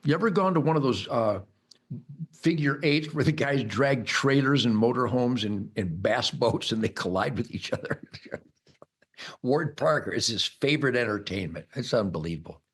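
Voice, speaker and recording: An older American man hosting a rambling, mocking political monologue, bombastic and loud, with sudden high-pitched outbursts. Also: animated, moderate pace, slightly rough. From United States. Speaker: host.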